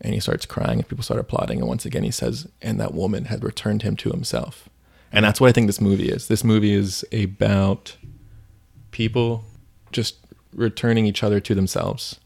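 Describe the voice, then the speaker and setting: Guy on a faith podcast, low gravelly voice, rambly storytelling w lots of "like"s. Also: animated, fairly quick, a little mellow. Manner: storytelling, many fillers like "like". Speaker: podcast co-host. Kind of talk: casual faith podcast chat.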